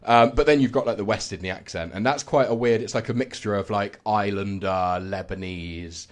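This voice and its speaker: A man's voice: on the low side, moderate pace. A man chatting casually as a podcast guest, laughing often and trailing off with ums. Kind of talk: casual chat.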